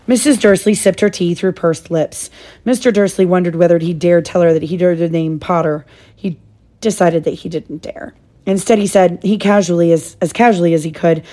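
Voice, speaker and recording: A woman's voice: lowish voice, fairly even intonation, moderate pace, warm tone. A mother reading a children's novel aloud to her child, stopping now and then to explain things. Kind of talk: storybook read-aloud.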